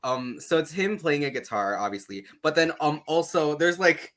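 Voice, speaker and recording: Excitable podcast guy, voice bounces up and down, lots of likes and ums. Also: fairly high pitch, normal speed. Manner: enthusiastic, lots of fillers like 'um' and 'like'. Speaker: podcast co-host. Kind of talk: casual chat.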